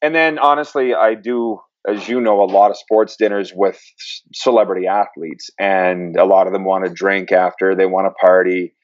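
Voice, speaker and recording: A man with a fairly low voice tells stories in a relaxed interview and mimics the people he quotes. The sound is dry and a little dull, with no room echo. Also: normal speed, hardly any pauses. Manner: animated storyteller, acts out quotes. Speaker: sober coach, interview guest. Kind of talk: casual interview storytelling.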